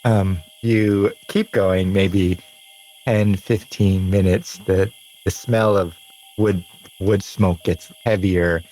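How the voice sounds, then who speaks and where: A man narrating a tabletop game as game master, slow and descriptive with frequent laughs. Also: sits low, fairly even intonation, warm tone, slight background noise, low-quality recording.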